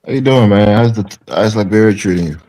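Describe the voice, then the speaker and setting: A man's voice: lowish voice, fast, dark tone, poor audio. Easygoing man asking questions. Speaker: co-host. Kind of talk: casual live-stream chat.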